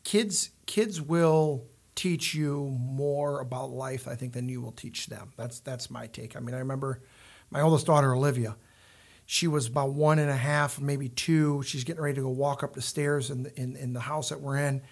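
A man's voice: medium pitch, fairly even intonation, normal speed, vocal fry. A man, a father, talking in a casual conversation, rambling and repeating words, acting out what others told him. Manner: rambling, repeats words, acts out quoted lines. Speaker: guest.

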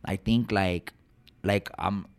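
A man's voice: low voice, fairly even intonation, slow pace, smooth. A man in casual chat, backing up the speaker and talking in laid-back slang. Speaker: conversation partner.

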